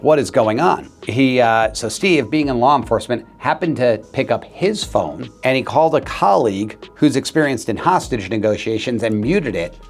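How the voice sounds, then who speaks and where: A man's voice: mid-range voice, vocal fry. A man, a real estate agent telling a story in an earnest, conversational way to camera. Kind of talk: talking-head video.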